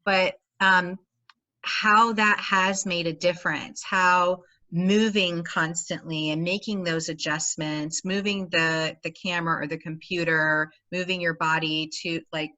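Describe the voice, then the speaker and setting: Woman host, slow and halting, bright edge, video call. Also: fairly low pitch, fairly even intonation. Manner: slow, halting questions with fillers. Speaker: podcast host. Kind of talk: interviewing.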